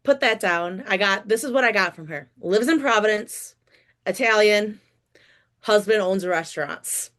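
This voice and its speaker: A woman's voice: mid-range voice, a little slow, a bit bright. A woman co-hosting a podcast in casual chat, chatty and laughing often while she reads from her notes. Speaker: podcast co-host.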